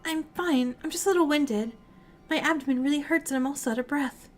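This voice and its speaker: A woman's voice: high-pitched, brisk, close to an everyday voice. A woman voicing a stubborn young woman protagonist who is wounded, speaking tersely and guardedly.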